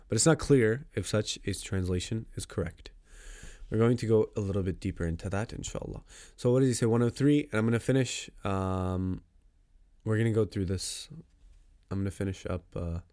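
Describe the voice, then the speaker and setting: A man's voice: lowish voice, a little mellow, no room sound, studio quality. Conversational man posing rhetorical questions. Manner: conversational, rhetorical questions, many restarts and fillers; recites Arabic verse rapidly. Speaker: podcast host explaining a poem. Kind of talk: casual religious lesson.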